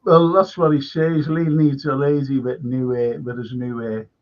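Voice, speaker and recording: A man's voice: medium pitch, fairly even intonation, normal speed. A man hosting a livestream, chatting casually and telling rambling anecdotes with many restarts. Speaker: livestream host. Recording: dull lo-fi stream audio.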